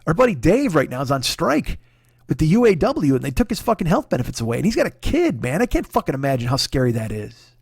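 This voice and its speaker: Gravelly, profane man telling a story. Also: a little high, wildly swooping pitch, fast talker, a little mellow, dry recording, studio quality. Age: 40s. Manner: profane, rambling, candid and confessional; frequent restarts and apologies while telling a story. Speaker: comedian podcast host. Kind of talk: solo comedic storytelling monologue.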